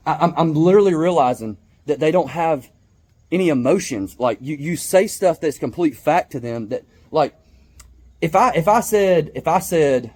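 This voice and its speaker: A man's voice: mid-range voice, a little mellow. A man, ranting casually to camera about rival football fans, stammering and restarting often. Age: 20s. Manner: heated, repetitive, stammering restarts, mocking put-on voices. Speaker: vlogger, Georgia football fan.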